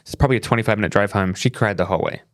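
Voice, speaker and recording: A man's voice: fairly low pitch, very fast. A middle-aged man co-hosting a parenting podcast, telling a family story in casual chat and acting out the quoted lines. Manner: animated storyteller, acts out quoted voices. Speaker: podcast co-host.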